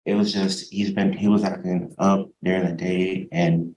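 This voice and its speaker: A man testifying as a defendant in court, hesitant and soft-spoken, halting over his words. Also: low voice, level tone, poor audio.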